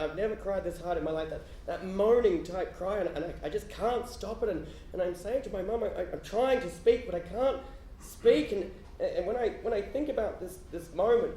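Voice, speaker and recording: An Australian man doing stand-up storytelling, stammering restarts and swinging from hushed to shouting. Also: sits high, roomy sound, slight background noise. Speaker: storyteller comedian. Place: theatre stage with live audience.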